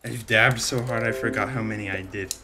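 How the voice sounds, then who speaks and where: A man's voice: lowish voice, steady tone, a little fast, background noise. A winded, out-of-breath man streamer in casual live-stream chat, answering viewers and counting off exercise reps.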